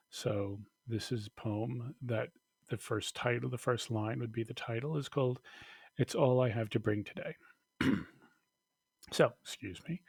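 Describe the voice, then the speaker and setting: A man teaching a recorded lesson, talking slowly with many fillers and restarts. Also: medium pitch, creaky, dry recording.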